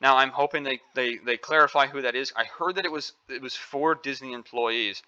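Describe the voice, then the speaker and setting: A man's voice: mid-range voice, brisk, bright, forceful tone, clear, resonant tone, highs cut off. A man giving opinionated, indignant news commentary, stressing points by repeating phrases. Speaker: commentary vlogger.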